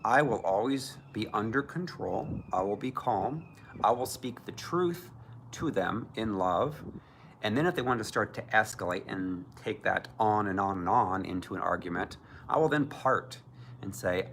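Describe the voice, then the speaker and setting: Low gravelly guy preaching, emphatic, bit of background hum. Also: lively intonation, normal speed, fairly bright tone. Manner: emphatic, mocks others in put-on voices. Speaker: Christian minister. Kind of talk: preaching to camera.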